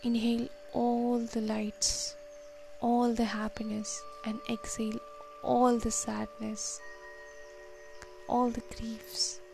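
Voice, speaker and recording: A woman leading a guided meditation, counting breaths and giving slow, soft, calm instructions. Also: fairly high pitch, gravelly, faint music behind.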